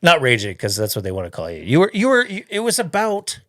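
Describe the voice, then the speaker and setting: A man's voice: fairly high pitch, huge pitch swings, fast, a bit bright, no room sound, studio quality. A man from Canada hosting a casual podcast conversation, agreeable and laid-back, swearing now and then. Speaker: podcast host.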